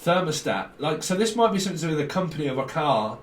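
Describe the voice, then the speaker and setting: Big pitch swings and a quick pace mark this man's fairly high voice as he drifts through a casual tarot reading, chuckling a lot and hopping between associations. Captured from a distance, the audio is roomy with a faint hiss.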